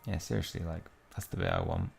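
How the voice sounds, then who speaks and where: A man's voice: deep voice, wildly swooping pitch, quick pace, creaky, a little mellow, slight background noise. A young man casually commentating a mobile game he plays, chatting loosely and reading the in-game text aloud as he goes. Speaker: mobile game let's-play host.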